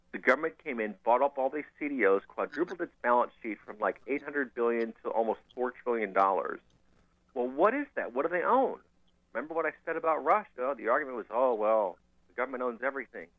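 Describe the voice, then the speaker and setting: A man hosting a podcast, giving animated, opinionated commentary and laughing often. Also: medium pitch, no room sound. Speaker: podcast host. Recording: tinny phone-like line.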